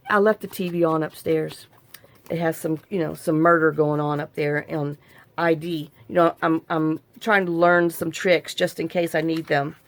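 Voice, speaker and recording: Recorded dry, a middle-aged crafting host talks in a fairly low voice. She rambles and chats to herself while she works, keeping it a casual tutorial.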